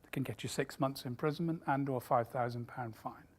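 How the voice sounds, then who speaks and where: Woman, deep voice, emphatic and candid keynote speaker. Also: darkish tone, breathy edge. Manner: emphatic and candid, with quick asides. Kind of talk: corporate keynote talk.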